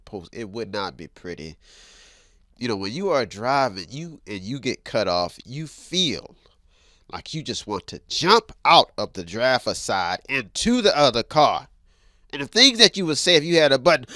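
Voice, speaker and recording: A man's voice: medium pitch, bright, forceful tone, no echo. A man hosting a news commentary show, talking emphatically and repeating himself, calling his listeners folks. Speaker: show host.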